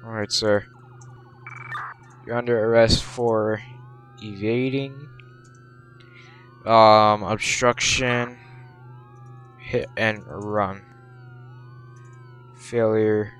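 Young male gamer as a patrol cop, slow delivery, orders and surprised outbursts. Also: fairly low pitch, fairly even intonation, fairly bright tone, slight background noise. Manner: barks orders and exclaims in surprise. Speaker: gameplay video creator. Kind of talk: gameplay commentary while role-playing a police officer.

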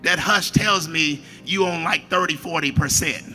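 A man preaching a sermon as a pastor, shouting at the peaks, dropping to quiet asides, and repeating his phrases. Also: on the high side, moderate pace, faint music behind.

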